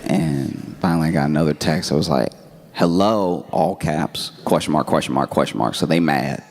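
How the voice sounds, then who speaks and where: A man doing stand-up, telling a story in a calm, wry, laid-back way. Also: a bass voice, moderate pace, vocal fry. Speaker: stand-up comedian.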